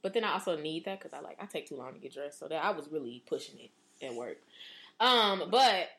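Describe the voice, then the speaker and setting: Animated young woman, bright slangy podcast chat. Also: deep voice, a little fast. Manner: animated, slangy, acts out quoted reactions. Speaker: podcast co-host. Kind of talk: casual chat.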